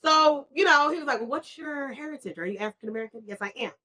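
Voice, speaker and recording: Bright-voiced woman telling a lively story. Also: sits high, quick pace. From New York. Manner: animated storytelling, acts out quoted voices. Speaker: podcast co-host. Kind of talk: casual chat over wine.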